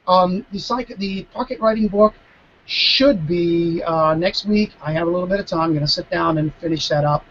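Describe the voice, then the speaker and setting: A man, a mentalist guest, chatting casually over a video call, animated and stopping to restart his sentences. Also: on the high side, lo-fi sound, slight background noise. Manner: animated, acting out dialogue, frequent restarts. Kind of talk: casual storytelling Q&A.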